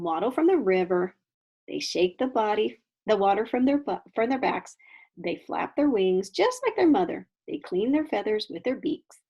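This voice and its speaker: A woman teaching kindergarten, reading a picture book aloud with an animated, questioning storybook voice and stopping to explain things to the children. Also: mid-range voice, gravelly, slightly rough, dull audio.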